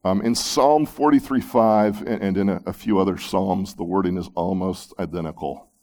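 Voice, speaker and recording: A man preaching a sermon, reading scripture aloud and commenting on it, moving between loud emphatic peaks and hushed low phrases. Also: normal speed. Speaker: pastor.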